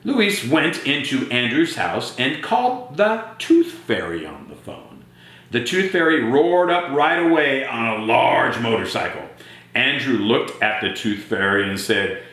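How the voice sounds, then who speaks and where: Male storytime reader, lively and questioning with kids, very echoey room. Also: mid-range voice, a little slow. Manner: animated, asks questions of young listeners. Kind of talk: children's read-aloud.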